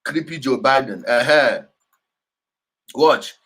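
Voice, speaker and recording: A man's voice: medium pitch, lively intonation, takes it slowly, a bit bright. A man hosting a show, reacting to clips with emphatic, repetitive commentary and frequent laughter. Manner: emphatic, repeats key words, laughs often. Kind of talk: animated commentary over clips.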